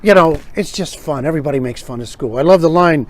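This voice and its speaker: A man's voice: fairly high pitch, quick pace, no room sound. A man hosting a casual comedic monologue, wry and joking, acting out quoted gags. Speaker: host.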